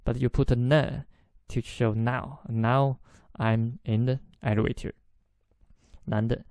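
A man's voice: mid-range voice, slow, gravelly, warm tone, dry recording. A man whose first language is Chinese teaches a podcast language lesson, explaining patiently, repeating phrases and chuckling now and then.

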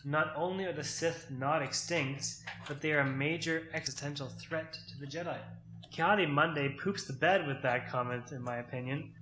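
Excitable nerdy man with a bright voice. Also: fairly high pitch, normal speed, roomy sound, slight background noise, rough recording. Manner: nerdy, explains at length, excitable. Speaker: podcast co-host. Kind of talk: casual chat over a card game.

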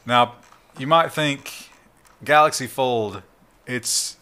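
A man co-hosting a tech news show in casual banter, his voice bright and forward. He talks with sarcastic, playful exaggeration. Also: mid-range voice, animated, moderate pace.

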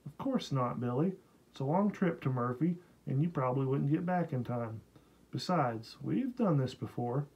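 A man voicing a calm, experienced grandmother acting as midwife, soothing and gently teasing. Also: medium pitch, normal speed, slightly rough, muffled recording. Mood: reassuring.

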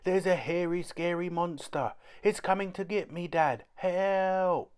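Storybook kid: a mischievous, dramatic little boy, high and shouty, voiced by a male reader. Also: unhurried, clean tone. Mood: fake alarm. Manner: high, loud, shouty child voice. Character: small boy, mischievous, dramatic, easily scared.

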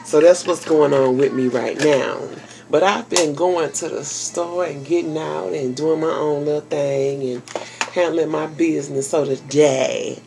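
Low-voiced grandmother chatting to viewers. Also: fairly even intonation, a little slow, vocal fry, background noise. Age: older. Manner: folksy, salty, talks straight to viewers with endearments. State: tired. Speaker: vlogger. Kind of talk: casual vlog chat. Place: home office.

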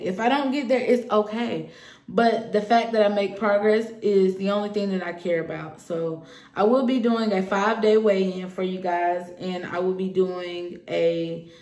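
A woman's voice: mid-range voice, a little mellow. Woman vlogger, candid and personal, talks to camera in a roomy space. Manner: earnest, personal, hopeful. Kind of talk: casual talk to camera. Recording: echoey room.

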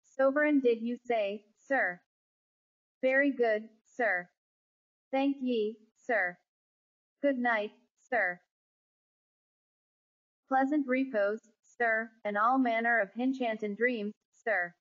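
A woman's voice: fairly high pitch, takes it slowly, pauses often. A woman voicing a nervous working-class male ship steward who fusses, pleads and drops his h's while calling everyone sir. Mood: obsequious. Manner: drops and adds h sounds, says sir constantly; pleading, fretful. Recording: dull lo-fi recording.

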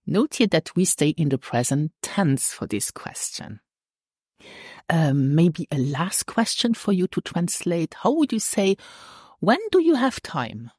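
Slow, patient woman teacher, low-pitched. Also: a little mellow, breathy edge, no echo, clean studio sound. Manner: patient, slow and deliberate, checks in with "hmm?" and "okay?". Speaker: language teacher. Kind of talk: online language lesson.

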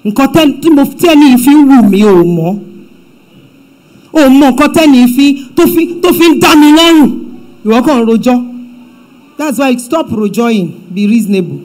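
A woman pastor with a Nigerian accent preaching a sermon in church, emphatic and swinging between loud declarations and hushed asides. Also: high voice, animated, a little fast, low-quality recording.

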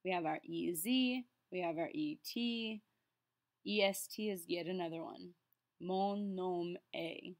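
A woman giving a French lesson to her class. She is upbeat and encouraging, and slows right down to sound out each French word clearly. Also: fairly low pitch. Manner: patient, slows down to enunciate French words. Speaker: French teacher.

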